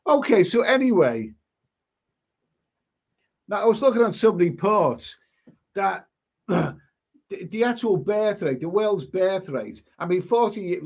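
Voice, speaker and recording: A man hosting a casual live stream, reading viewer comments aloud and rambling, often repeating words and restarting his sentences. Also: high voice. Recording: dull lo-fi sound.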